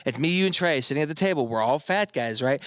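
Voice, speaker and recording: Guy hosting a podcast, crude joker, kinda high bright voice, dry close mic. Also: expressive, quick pace, no echo. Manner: crude, joking storyteller. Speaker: podcast host. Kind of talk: casual podcast banter.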